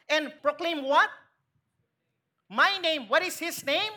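High bright Filipino woman preaching. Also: unhurried. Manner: lively, questioning the congregation, acting out quotes. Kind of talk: sermon.

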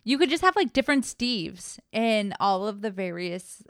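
A woman's voice: medium pitch, sing-song, normal speed, smooth, no room sound, studio quality. A woman co-hosting a casual tech podcast, playful and teasing, giggling between lines. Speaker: podcast co-host.

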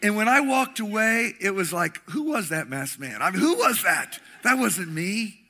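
A middle-aged man preaching a sermon with passion, swinging between shouting and hushed tones. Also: high-pitched, sing-song, normal speed, slightly rough. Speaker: pastor.

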